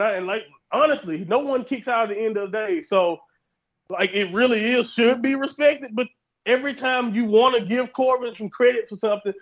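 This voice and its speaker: A man's voice: high-pitched, lo-fi sound. A man co-hosting a podcast, chatting casually and rambling, hedging and restarting often. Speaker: podcast co-host. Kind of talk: casual wrestling chat.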